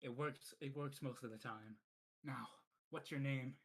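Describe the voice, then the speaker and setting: A man's voice: medium pitch, fairly even intonation, a little slow, a little hiss or hum, natural voice, rough recording. A man playing a fervent kobold agitator. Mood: persuading. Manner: preachy, urgent, repeats himself. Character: scrappy male kobold rabble-rouser, bitter and fervent.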